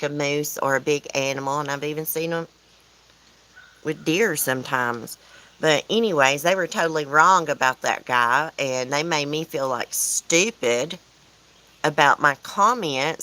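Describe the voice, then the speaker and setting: Southern US woman, low register, rambling casual livestream host who chats back to her viewers. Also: sharp tone, low-quality recording. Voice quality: chatty, rambling, answers chat comments aloud. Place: outdoors at home, windy.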